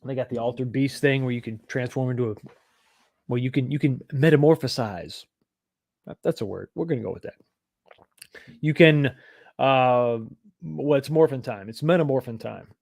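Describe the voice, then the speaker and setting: A man's voice: medium pitch, moderate pace, creaky, pauses often, a little mellow, no echo, clean studio sound. A man from East Texas, hosting a casual livestream and rambling as he reads viewer comments aloud and answers them. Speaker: livestream host.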